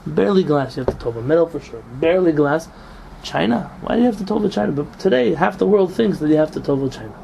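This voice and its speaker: A male rabbi teaches a casual study group, and his voice sits high with a rough, gravelly texture. He talks animatedly and often answers his own questions. Faint noise hums behind him. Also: fast. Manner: animated, rhetorical questions, mixes Hebrew terms. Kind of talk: informal Talmud class.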